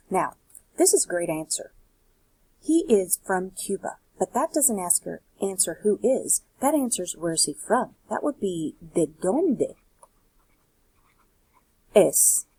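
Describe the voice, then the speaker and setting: A woman's voice: fairly low pitch, mellow, slightly rough, dry recording, low-quality recording. A woman teaching Spanish, explaining a worksheet step by step and asking rhetorical questions. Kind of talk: recorded worksheet lesson.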